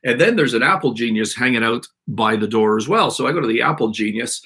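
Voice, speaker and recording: A man's voice: medium pitch, lively intonation, fast, creaky, sharp tone, breathy edge. A man hosting a live stream, telling a complaint story in an exasperated, rambling way while his throat keeps catching. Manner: exasperated, rambling ranting with restarts. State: irritated throat, clearing it often. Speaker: podcast host.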